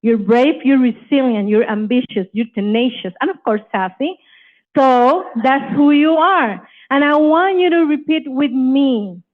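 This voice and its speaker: Woman, motivational coach, high voice, tinny phone-like sound. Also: unhurried. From Puerto Rico. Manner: energetic, rallying, leads call-and-response affirmations. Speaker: motivational coach and chapter leader. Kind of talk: motivational open-mic speech.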